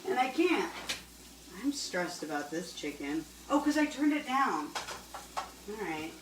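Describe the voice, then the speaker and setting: A woman's voice: medium pitch, sing-song, measured pace, noisy background. A woman hosting a casual cooking show in her home kitchen, rambling, swearing and laughing as she cooks. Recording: roomy room, mic at a distance.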